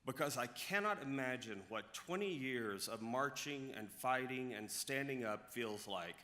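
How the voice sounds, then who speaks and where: A man's voice: mid-range voice, lively intonation, a little slow, sharp tone. A man accepting an award at a gala, speaking humbly and from the heart without a prepared speech. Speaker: award recipient, chamber of commerce leader. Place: large gala ballroom. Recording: reverberant hall sound.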